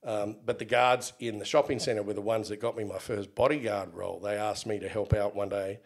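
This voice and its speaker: A man's voice: on the low side, brisk. A middle-aged Australian man in a casual interview, telling stories and acting out the people in them. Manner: animated, acts out quoted exchanges. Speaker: interview guest, former bodyguard.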